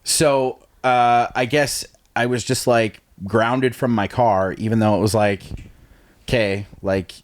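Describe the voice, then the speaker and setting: A young man hosts a casual podcast, his voice sitting at an ordinary middle pitch. He tells stories in a rambling way, full of fillers and curse words. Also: fairly even intonation, unhurried, hardly any pauses. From Canada. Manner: rambling, heavy swearing, many fillers. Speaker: podcast host. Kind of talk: casual storytelling chat.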